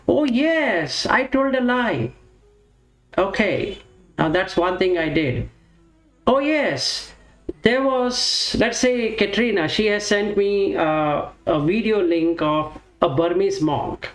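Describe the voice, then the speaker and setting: A man's voice: high voice, fairly bright tone. A man giving a reflective teaching talk on Buddhist practice, explaining step by step and asking and answering his own questions. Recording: roomy echo with faint music.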